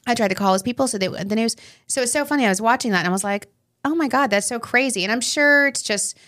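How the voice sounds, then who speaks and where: Animated woman telling stories. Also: quick pace. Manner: animated storyteller, acts out quotes in a high voice. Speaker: podcast co-host. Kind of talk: casual chat. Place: studio.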